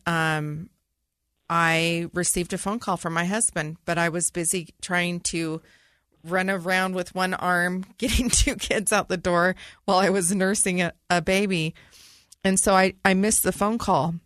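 A woman's voice: lowish voice, fairly bright tone, dry recording, studio quality. A middle-aged woman, a podcast co-host, earnestly telling a personal story in vivid detail.

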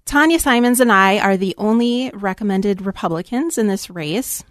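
Woman radio guest, earnest and businesslike, middle pitch, dry studio sound. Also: animated, moderate pace, dry recording. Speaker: school board member, guest. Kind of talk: radio interview.

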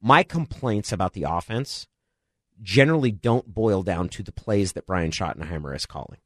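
A middle-aged man co-hosting a sports radio show, talking through football strategy in a measured, analytical way. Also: lowish voice, lively intonation, fairly bright tone, dry recording, studio quality. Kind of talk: casual sports talk.

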